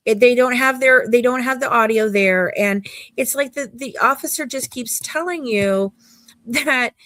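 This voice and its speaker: A woman's voice: fairly high pitch, a little slow, fairly bright tone, no echo. A woman co-hosting a casual live show, rambling and exasperated, restarting her sentences. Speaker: podcast co-host. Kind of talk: casual live-stream chat.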